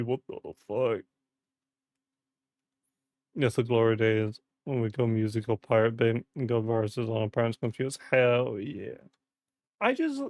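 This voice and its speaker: A man's voice: mid-range voice, creaky, darkish tone, no echo, studio quality. A young British man casually chatting and rambling on a live stream, swearing often, his voice cracking in the heat. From Britain. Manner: rambling, sweary, with frequent fillers.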